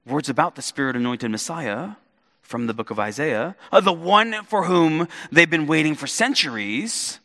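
Male pastor, lively sermon, bright forceful voice, long echo of a church hall. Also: fairly high pitch, normal speed. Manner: lively, animated preaching with playful asides.

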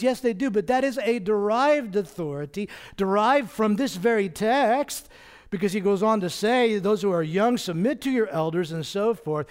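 Male pastor, slightly high voice, conversational sermon full of rhetorical questions. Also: expressive, normal speed, clear, resonant tone. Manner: conversational preaching with rhetorical questions and soft laughs.

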